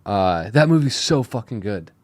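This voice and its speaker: A man's voice: on the low side, lively intonation, moderate pace, no echo. A man co-hosting a podcast in casual chat, rowdy and profane, saying "dude" a lot. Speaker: podcast co-host.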